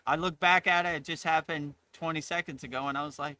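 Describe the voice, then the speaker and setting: A man's voice: fairly high pitch, fairly even intonation, quick pace, sharp tone. A middle-aged man hosting a casual spiritual chat, enthusiastic, laughing often and saying "you know" a lot. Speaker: spiritual teacher and host.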